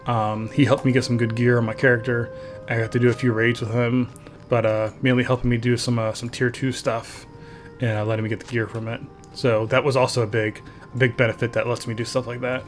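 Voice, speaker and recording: A man's voice: mid-range voice, little pitch movement, a little fast, soft background music. A man chatting casually while streaming a game, reading viewer messages aloud, with frequent laughs and filler words. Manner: chatty, reads chat aloud, laughs often. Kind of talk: casual gameplay commentary.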